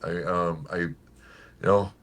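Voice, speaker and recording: A comedian in his seventies telling stories in a radio interview, lively when quoting people and quiet and earnest on serious points. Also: slow. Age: 70s. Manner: animated storyteller, jumps high for quoted voices. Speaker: comedian guest.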